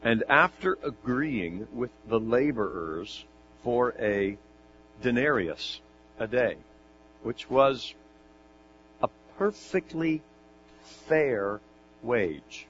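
A man preaching a sermon, lively, with joking asides and questions to his listeners. His voice sits at an ordinary pitch. The recording sounds dull and lo-fi, with a faint mains hum underneath. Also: extremely slow, long pauses. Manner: animated, jokey asides and rhetorical questions.

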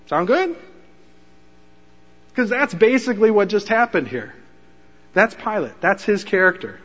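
A man preaching a sermon, telling the story with animated delivery and acting out quoted lines with rising intensity. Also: high-pitched, measured pace, pauses often, in a large hall, muffled recording.

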